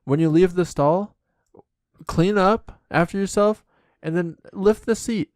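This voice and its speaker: A man's voice: high-pitched, unhurried, darkish tone, no room sound, clean studio sound. A man co-hosting a podcast in casual comedic chat, joking and riffing playfully. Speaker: podcast co-host.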